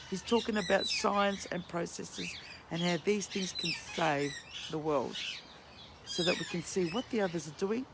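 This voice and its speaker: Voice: mid-range voice, creaky. A vlogger ranting heatedly outdoors, swearing and pleading with a strained voice that is starting to give out. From Australia. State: voice strained and going. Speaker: vlogger and counsellor. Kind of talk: emotional ranting vlog. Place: outdoors near a duck pond. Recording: loud birds and outdoor noise. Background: loud birdsong and quacking.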